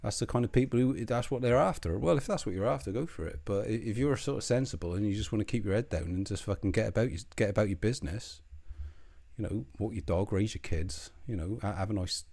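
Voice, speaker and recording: Low, dark-voiced man ranting sardonically. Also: animated, fast, gravelly. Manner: profane, rambling, sardonic; puts on a mock accent. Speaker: online commentator. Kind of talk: ranting video commentary.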